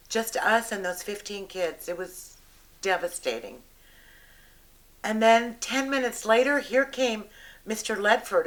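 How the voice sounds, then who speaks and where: An older woman, a retired educator, giving a halting, vivid eyewitness recollection with pauses and fillers. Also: mid-range voice, a bit bright, rough recording. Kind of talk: personal recollection to camera.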